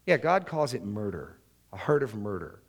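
A man's voice: fairly low pitch, sing-song, normal speed, breathy edge. A married man preaching a sermon, acting out the prayers and excuses he quotes. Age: adult, married. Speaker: pastor.

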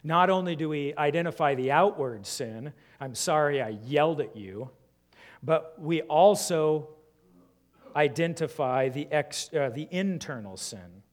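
Man preaching with rhetorical questions. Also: on the high side. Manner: asks the congregation many rhetorical questions. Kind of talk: sermon.

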